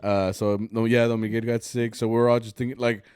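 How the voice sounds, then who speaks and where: A man's voice: mid-range voice, flat delivery, a little fast, a little mellow, clear, resonant tone, dry recording, studio quality. A young man co-hosting a podcast in casual chat, laid-back, swearing and mixing in Spanish phrases, sounding congested. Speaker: podcast co-host.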